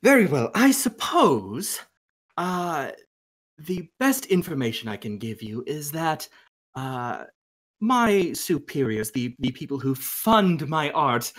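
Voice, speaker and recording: A man voicing Angelo, a pompous male woodland artist who speaks in a haughty, theatrical, halting way. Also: a little high, big pitch swings, a bit bright, exaggerated voice. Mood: evasive.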